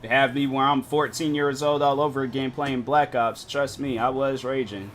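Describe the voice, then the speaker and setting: A man's voice: medium pitch, fairly even intonation, moderate pace, fairly bright tone, slight background noise. A young man chatting casually while live-streaming games, telling rambling stories full of fillers. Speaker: game streamer.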